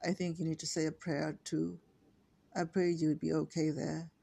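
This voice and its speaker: Fretful gentle mother, soothing, dark husky tone; older woman reader. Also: low voice, flat delivery, moderate pace, heavily acted. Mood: concerned.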